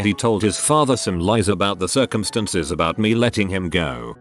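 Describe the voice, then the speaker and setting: Male narrator, lowish voice with animated pitch, scripted story reading over soft music. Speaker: narrator reading online stories.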